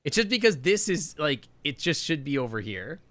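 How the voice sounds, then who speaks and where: Bright, lively Canadian man streaming a game. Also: fairly high pitch, normal speed. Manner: chatty, rambling, thinks aloud. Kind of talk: live game-stream commentary.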